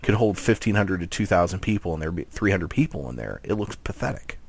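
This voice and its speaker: A man's voice: deep voice, quick pace, creaky. A man co-hosting a wrestling podcast, talking casually and rambling with lots of restarts. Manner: rambling, animated, many restarts. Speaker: podcast co-host. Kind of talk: casual chat.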